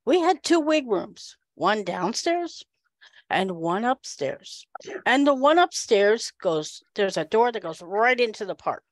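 A woman giving a humorous storytelling speech at a speaking club, animated and acting out the people in her story. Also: mid-range voice, slow pace, dry recording.

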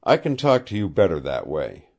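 A man's voice: deep voice, wildly swooping pitch, normal speed, vocal fry, darkish tone, full character voice. Man reading a firm young lawman. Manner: firm, commanding. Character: stern young male law officer. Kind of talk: audiobook character reading.

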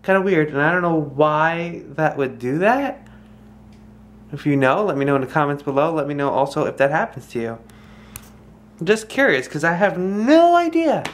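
A woman's voice: low voice, lively intonation, moderate pace. A young woman casually vlogging to her viewers, chatting directly to them and slipping into playful baby talk with her toddler. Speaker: family vlogger. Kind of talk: casual vlog chat to camera.

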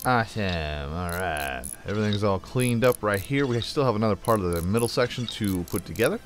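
A man's voice: lowish voice, animated, moderate pace, soft background music. A young man hosting a gameplay video, telling rambling jokey stories into a desk mic while he plays, with little sound effects. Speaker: let's play host. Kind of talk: casual gameplay chat. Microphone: desk microphone.

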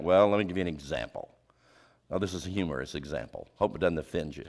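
A man's voice: normal speed, gravelly. A man preaching with rhetorical questions. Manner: emphatic, asks the audience rhetorical questions; drops pitch and volume for emphasis. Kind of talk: sermon.

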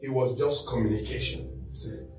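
A bishop speaking as a talk-show guest, teaching on marriage in a loud, preacherly way. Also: male voice, medium pitch, steady tone, brisk. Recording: echoey room, distant mic, faint music.

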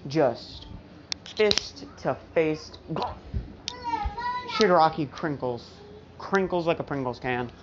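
A woman's voice: sits low, lively intonation, slow, long pauses, background noise. A woman telling a fan story in a casual, rambling way, with many fillers and restarts, recorded at home. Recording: dull lo-fi recording.

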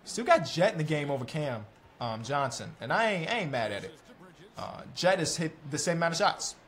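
Excitable young man narrating his basketball game. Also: on the high side, a little fast. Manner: excitable, talks to players on screen, self-mocking, shouts at big plays. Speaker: gaming YouTuber. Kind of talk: basketball video game commentary.

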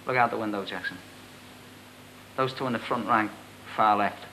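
A man's voice: fairly low pitch, normal speed, sharp tone, slight background noise, rough recording. A man playing a stern, sardonic cadet force officer who needles a cadet with dry questions. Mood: questioning. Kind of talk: amateur drama acting.

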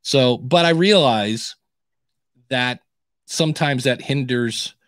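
A man hosting a podcast advice show, chatting in a lively, animated way with frequent restarts. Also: medium pitch, slow pace, no echo, clean studio sound. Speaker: podcast coach and host. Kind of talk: casual podcast advice chat.

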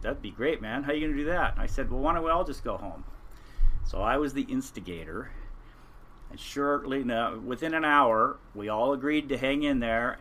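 An older man who spent his life fishing recounts his years at sea in a rambling, earnest way, often restarting his sentences. His voice is bright and forceful, with a faint hiss of background noise behind him. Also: medium pitch. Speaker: podcast guest, retired fishing captain. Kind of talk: casual storytelling interview.

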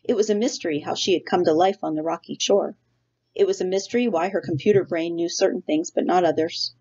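A woman teacher reading a children's novel aloud to her class in a steady storytelling way. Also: lowish voice, fast, slightly rough. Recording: dull lo-fi recording.

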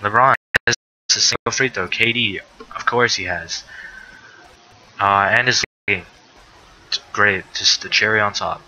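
A man's voice: fairly low pitch, unhurried, pauses often, bright, forceful tone. A young man streaming live commentary on a simulated basketball game, swearing and breaking into exasperated outbursts. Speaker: sim league streamer. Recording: dull lo-fi mic with faint noise.

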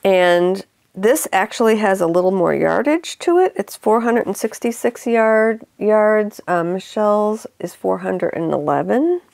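A woman's voice: mid-range voice, a little slow, vocal fry, hardly any pauses, darkish tone, dry recording. A middle-aged woman with an upstate New York accent, chatting casually as a knitting podcast host and showing off yarn, with frequent laughs and asides. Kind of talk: casual show-and-tell chat.

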